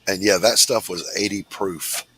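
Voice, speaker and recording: A man's voice: low-pitched, steady tone, normal speed, pushed and bright, slightly rough, poor audio. A man co-hosting a live drawing stream, telling laid-back, wry family anecdotes. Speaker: co-host. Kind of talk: casual stream chat.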